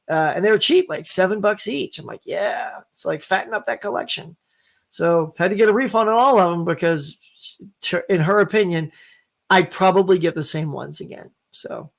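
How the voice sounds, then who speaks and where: A man's voice: sits high, creaky, a bit bright. A man hosting a casual live-stream chat, ranting with animation and mimicking others in quoted lines. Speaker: host.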